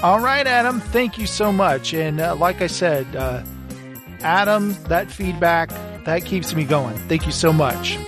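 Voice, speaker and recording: Goofy, lively-voiced podcast host. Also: male voice, fairly high pitch, a little slow, music in the background. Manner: goofy, joking, laughs a lot. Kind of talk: casual podcast sign-off.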